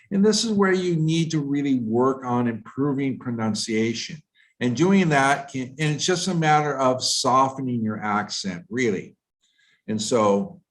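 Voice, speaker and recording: A man from the United States giving a live online lesson on pronunciation, explaining in a measured way with frequent fillers and restarts. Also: mid-range voice, rough recording. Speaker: IELTS tutor.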